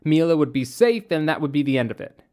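Steady storyteller reading a novel. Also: mid-range voice, fast talker. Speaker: narrator. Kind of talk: audiobook reading.

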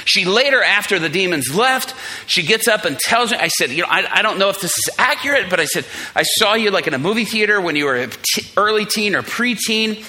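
A man preaching to a congregation, telling a story and acting out the people in it with animated voices. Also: sits high, brisk. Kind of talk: storytelling sermon.

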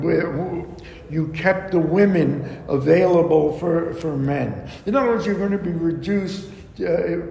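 A man teaching a verse-by-verse Bible lesson, explaining slowly and deliberately with frequent ums and asides. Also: fairly high pitch, vocal fry, a little mellow. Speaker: Torah teacher. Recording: echoey room with long reverb and faint background noise.

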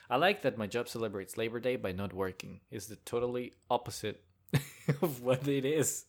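A young man talks on his own in a loose, offhand rant. He rambles from one joke to the next and chuckles between thoughts, with a voice of ordinary pitch for a man. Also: moderate pace. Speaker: podcast host. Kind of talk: casual solo rant.

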